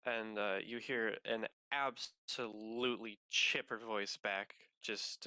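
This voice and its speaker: Slow hesitant guy running a tabletop game, bright tone, dry close mic. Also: lowish voice, steady tone, no room sound. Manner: unhurried, hesitant with many fillers. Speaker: game master.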